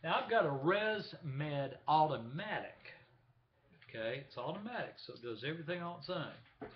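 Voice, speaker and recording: A man's voice: a little high, lively intonation, moderate pace, a little hiss or hum. A man talking casually to the camera in a vlog, chatty, showing things to the viewer. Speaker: vlogger. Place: room at home with window open. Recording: echoey room, dull lo-fi sound.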